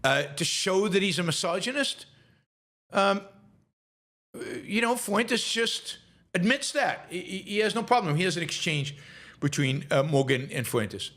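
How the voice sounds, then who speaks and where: A man's voice: a little high, animated, unhurried, a bit bright. A man hosting a political commentary show, talking in a monologue full of stammered restarts and pointed rhetorical questions. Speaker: show host.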